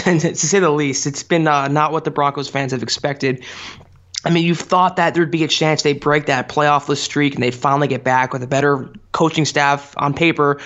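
A man's voice: fairly high pitch, steady tone, a little fast, a bit bright. Frustrated man on a dull lo-fi line. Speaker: podcast co-host. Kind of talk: casual sports podcast talk.

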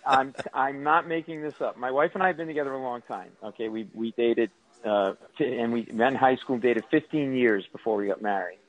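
A male comedian guest telling animated, self-mocking comic stories on a radio show. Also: mid-range voice, brisk, muffled recording.

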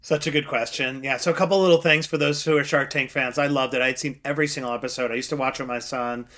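A middle-aged man, a guest investor, chatting in an interview, telling lively stories and acting out quotes with frequent laughs. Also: medium pitch, fast talker. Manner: animated storyteller, acts out quotes, laughs often. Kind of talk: casual interview chat.

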